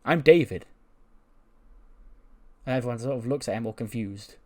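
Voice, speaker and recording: A game commentator recaps a wrestling simulation run in a casual let's-play style, talking very fast in a dark-toned, mid-range voice with fairly even intonation. He's chatty, laughs and swears, and often restarts mid-sentence.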